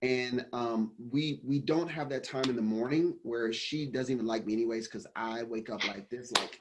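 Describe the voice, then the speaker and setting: Man, business coach, casual interview answer, rambling with restarts, middle pitch. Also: normal speed, few pauses, noisy background. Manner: rambling, many restarts and fillers. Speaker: business coach and company founder.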